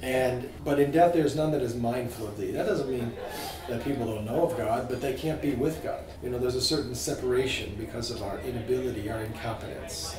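A man teaching a small group about scripture, informal and animated, asking his listeners questions. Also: mid-range voice, brisk, roomy sound, recorded from a distance, a crowd in the background, poor audio. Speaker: priest teaching a catechism class.

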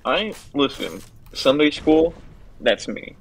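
A man's voice: a little high, big pitch swings, takes it slowly, low-quality recording. A young man chatting as a guest during a gameplay session, teasing his co-host with dry jokes. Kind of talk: casual gameplay banter.

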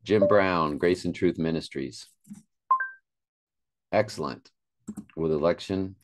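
A man with a very low, deep voice leads a Bible study. He reads scripture aloud in an informal way and stops now and then to comment in plain, everyday words. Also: slow, noisy background. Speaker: Bible teacher.

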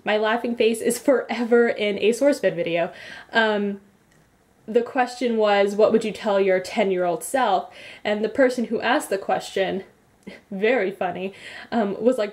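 A woman's voice: mid-range voice, moderate pace. A young woman vlogging, telling a rambling story with frequent giggles. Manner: rambly, giggly, animated retelling. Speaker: beauty vlogger. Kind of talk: casual vlog recap.

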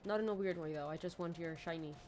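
A woman streaming a video game, rambling and joking to herself, swinging from low mumbles to sudden squeals. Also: fast, darkish tone, a little hiss or hum. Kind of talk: casual let's-play commentary.

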